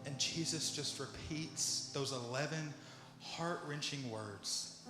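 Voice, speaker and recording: High-voiced man preaching in echoey hall. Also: takes it slowly. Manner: builds from soft and low to loud pleading. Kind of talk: sermon. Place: church sanctuary. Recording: echoey church hall with music behind. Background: instrumental music.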